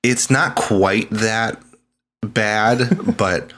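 A man with a deep, low-pitched voice talks casually on a gaming podcast. He retells a game's plot in a loose, rambling way, laughing often and slipping into quick mock voices for the characters. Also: a bit bright, slight background noise. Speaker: podcast co-host. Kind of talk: casual chat.

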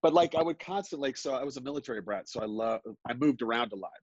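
A middle-aged man telling a personal story live on a podcast, halting and self-deprecating, with many restarts. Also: mid-range voice, expressive, breathy edge, no room sound, lo-fi sound. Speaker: guest storyteller.

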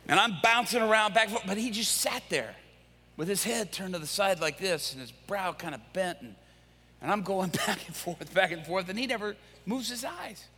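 A male pastor preaching, telling a story with lively acted-out quotes. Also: sits high, normal speed, husky. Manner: animated, acts out quoted voices. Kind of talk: sermon storytelling. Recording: echoey hall.

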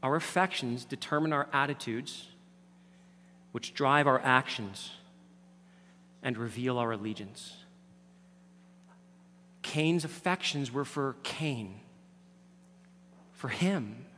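A man preaching a sermon as pastor, swinging from loud emphatic lines down to hushed near-whispers. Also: medium pitch, slow, long pauses, slight background noise. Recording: reverberant hall.

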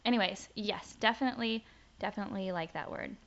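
A young woman from the American South with a faint Southern accent, co-hosting a podcast in casual, animated chat full of fillers. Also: mid-range voice, fast talker. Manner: chatty, animated storyteller with many fillers. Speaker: podcast co-host. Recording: dull, lo-fi podcast audio.

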